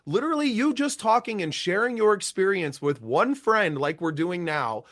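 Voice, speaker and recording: A man's voice: sits high, animated, normal speed, fairly bright tone. A man co-hosting a podcast, blunt and profane but earnest, speaking in casual chat. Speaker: podcast co-host.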